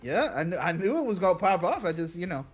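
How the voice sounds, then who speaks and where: A male esports co-caster with a slightly high voice. He talks casually, goes back to start a thought over, and throws in deadpan jokes. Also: fast, soft background music. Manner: dry, joking asides. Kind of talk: esports commentary.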